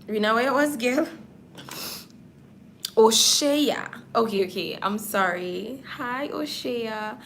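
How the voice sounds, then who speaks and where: With a fairly high, expressive and gravelly voice, a makeup artist chats with her livestream audience as she applies false lashes. She talks directly to viewers at a measured pace with few pauses, in a fairly bright tone over slight background noise.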